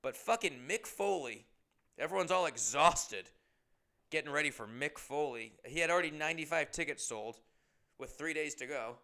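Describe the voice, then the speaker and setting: Brief: comedian host with a gravelly, crisp voice, rambling and swearing through stories. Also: male voice, fairly high pitch, expressive, moderate pace, sharp tone. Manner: rambling, profane, self-deprecating. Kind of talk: casual storytelling monologue.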